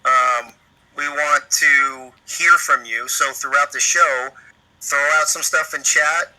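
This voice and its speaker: Bright-voiced man with an old-radio sound. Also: medium pitch, steady tone, slow, poor audio. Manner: upbeat, calls viewers "bro", reads chat names. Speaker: co-host. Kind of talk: casual livestream chat.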